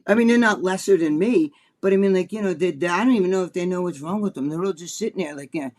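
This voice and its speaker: A man with a New Jersey accent co-hosting a podcast, telling a long story in a rambling, profane, animated way. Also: sits high, fast talker, a little hiss or hum. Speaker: podcast co-host. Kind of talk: casual storytelling chat.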